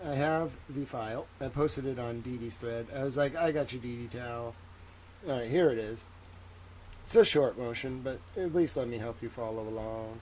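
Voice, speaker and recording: A man's voice: mid-range voice, darkish tone, slight background noise. A man with a Southern US accent hosting a casual livestream, chatting sarcastically and greeting viewers by name. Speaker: livestream host.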